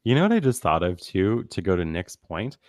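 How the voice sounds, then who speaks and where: A man's voice: sits low, big pitch swings, fairly quick, dry recording, studio quality. A man who is a guest medium, talking thoughtfully in a casual conversation and laughing now and then; he calls himself a nervous person. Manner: thoughtful, self-described nervous, laughs often.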